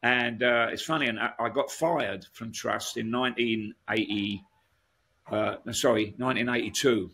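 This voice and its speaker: Man, 60s, gravelly, bright, rambling interview storyteller. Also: mid-range voice, moderate pace. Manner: rambling, many restarts and asides. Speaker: guest musician.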